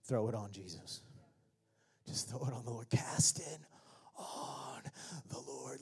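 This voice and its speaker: A male pastor preaching a sermon, joking with the congregation and then building to shouted exhortations. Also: mid-range voice, slow pace, gravelly, husky. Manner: swings from conversational asides to shouted preaching; jokey, laughs at own remarks.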